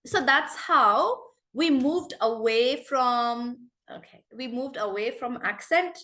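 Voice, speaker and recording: Indian english lady running an online accent class, a bit high voice, chatty with students. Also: expressive, takes it slowly, bright, forceful tone. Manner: chatty, talks to students by name. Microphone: video call.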